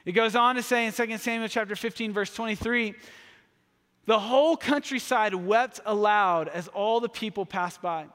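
A man preaching a sermon, energetic and humorous, slipping into playful voices for asides. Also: high voice, normal speed, clean tone, big-room sound. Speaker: pastor.

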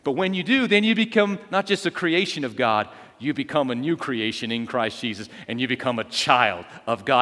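Animated preacher in an echoing hall. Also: male voice, medium pitch, normal speed, few pauses. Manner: animated storytelling with acted quotes. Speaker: pastor. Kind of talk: sermon. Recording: long hall reverb.

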